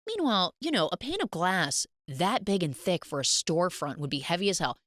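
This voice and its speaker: A chatty woman host recapping a movie with lots of jokes. Her voice sits a bit low but swings widely, and it sounds dry and close to the mic. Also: fairly quick, dry recording. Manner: chatty, joking, animated storytelling. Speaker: podcast host. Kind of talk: casual film recap.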